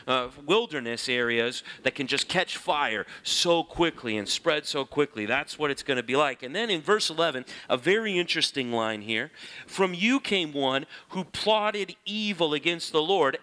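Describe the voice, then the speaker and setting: Animated man teaching from the Bible. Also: fairly high pitch. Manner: animated, conversational, reads scripture aloud.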